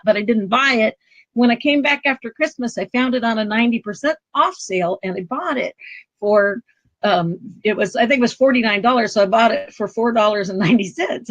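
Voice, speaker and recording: A middle-aged woman with a fairly high voice tells a personal story as a guest, bringing it to life by acting out what people said and now and then breaking into loud bursts. Her voice sounds close and dry, with no room around it. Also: no room sound, dull audio. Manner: animated, acts out quoted speech with sudden loud outbursts. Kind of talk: conversational storytelling. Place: travel trailer.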